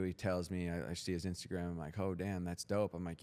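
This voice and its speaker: A man's voice: deep voice, steady tone, fairly quick, a little mellow, clear, resonant tone. A young man as a podcast guest, telling his story in a blunt, profane, intense motivational way. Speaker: guest entrepreneur.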